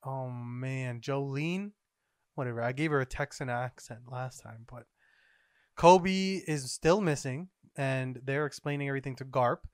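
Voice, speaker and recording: A man hosting a podcast, recapping comic chapters in a rambling, excitable, casual way. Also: mid-range voice, unhurried, clear, resonant tone, no room sound, clean studio sound. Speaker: podcast host.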